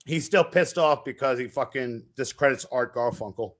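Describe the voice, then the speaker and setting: A man's voice: medium pitch, normal speed. A man adding blunt, profane remarks in casual group banter on a live show.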